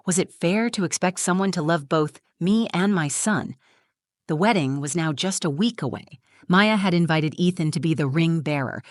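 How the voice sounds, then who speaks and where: A woman narrating a first-person story in a steady, scripted storytelling delivery. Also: fairly low pitch, no echo, clean studio sound.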